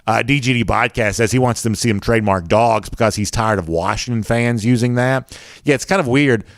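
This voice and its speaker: A man's voice: medium pitch, a little fast, dry recording, studio quality. A man with a Southern accent hosting a sports show, chatting casually and reading viewer comments with lots of fillers. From American South.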